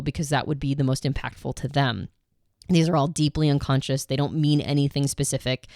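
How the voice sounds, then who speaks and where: Measured, analytical woman podcast host. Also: low voice, dry recording, studio quality. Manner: measured and analytical, mostly even with some inflection. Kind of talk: explanatory podcast talk.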